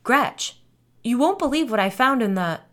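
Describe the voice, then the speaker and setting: A woman's voice: medium pitch, lively intonation, moderate pace, close to an everyday voice. A woman voicing a frightened young man, a camp counselor, who speaks in a startled, stammering way. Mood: alarmed.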